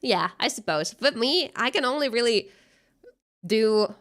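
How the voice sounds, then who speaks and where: Speaking at a measured pace, this young woman has a higher, expressive voice with a slightly bright tone and a Finnish-flavored American accent. She's a VTuber on a gaming stream, giggling, meandering and filling her thinking-out-loud chatter with fillers.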